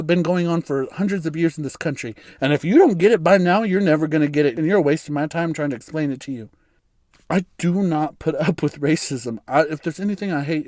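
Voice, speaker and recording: A man hosting a solo podcast speaks his mind in a candid, blunt monologue, swearing freely and breaking into laughter. His voice sits somewhat high for a man. The sound is dry and close, with no room echo. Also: a little mellow. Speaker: podcast host.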